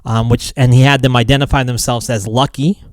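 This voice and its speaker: A man's voice: mid-range voice, fairly even intonation, a little fast, no room sound. A man co-hosting a casual podcast, joking and rambling with lots of fillers. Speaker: podcast co-host.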